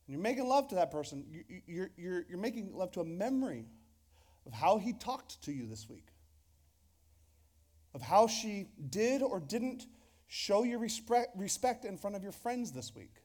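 A pastor with a high-pitched man's voice delivers a sermon in front of his congregation. He talks in a loose, conversational way, jokes with the crowd and often restarts his sentences. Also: big pitch swings, moderate pace, darkish tone. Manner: conversational and joking, with repeated restarts. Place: church hall before a congregation.

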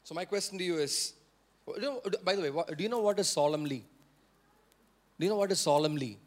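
Pastor guy w a high voice preaching, says stuff twice, keeps asking the crowd to say it back. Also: animated, fairly quick. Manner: repeats key phrases for emphasis; questions and prompts the congregation. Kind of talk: sermon.

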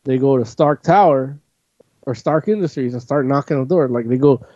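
A man with a dark, mellow tone rambles through a casual chat, swearing and packing his talk with "like". The sound is dry and close, on a dull, lo-fi recording. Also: medium pitch, fairly quick, no echo. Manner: rambling, profane, full of "like". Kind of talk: casual chat, recapping a comic. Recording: dull lo-fi audio.

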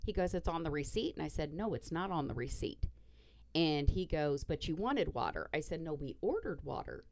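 A woman's voice: low voice, big pitch swings, moderate pace, darkish tone, no echo. A woman podcast host casually retelling a story, blunt and profane, acting out the dialogue.

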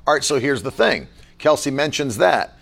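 A man leading a casual Bible-study chat as pastor, talking forcefully and emphatically. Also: medium pitch, lively intonation, normal speed, vocal fry.

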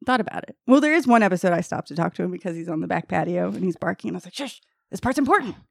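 A woman's voice: on the low side, racing, gravelly, no room sound, clean studio sound. An American woman co-hosting a podcast, chatting casually and sounding exasperated. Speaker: podcast co-host. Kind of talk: casual chat.

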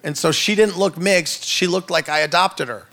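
A man in his thirties, a preacher, telling funny family stories in a sermon, joking and acting out voices with big jumps in pitch. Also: moderate pace, sharp tone. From Norway. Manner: playful, jokey, acts out quotes with big pitch jumps. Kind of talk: comedic sermon storytelling.

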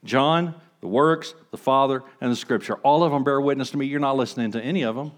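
A man preaching a sermon as pastor, conversational, asking the congregation rhetorical questions and swinging between hushed and emphatic delivery. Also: mid-range voice, fast.

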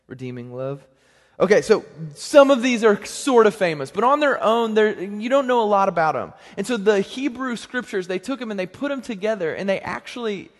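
Joking young pastor in a reverberant hall. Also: male voice. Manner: conversational and joking, with animated swings in pitch and volume. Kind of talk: sermon.

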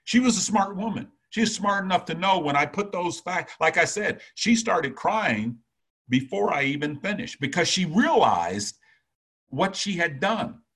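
A man in his sixties, a retired executive, talking earnestly as an interview guest and telling a story in a measured way, often repeating words as he thinks. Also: high-pitched, expressive, fairly bright tone, breathy edge. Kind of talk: conversational storytelling.

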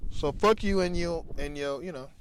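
A man's voice: a little high, moderate pace, fairly bright tone, a little hiss or hum. A man, a stand-up comedian, rambling profanely on tangents in a casual vlog, recorded on a lavalier mic into a phone. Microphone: lavalier mic plugged into a phone.

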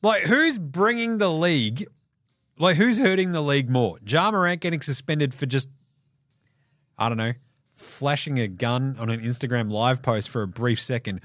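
An Australian man hosting a basketball podcast, ranting in an animated, profane way and laughing between jokes. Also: medium pitch, moderate pace, no echo, clean studio sound. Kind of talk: solo sports podcast rant.

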